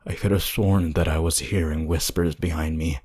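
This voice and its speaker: Deep, husky male storyteller for horror narration, hushed and deliberate. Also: fairly even intonation.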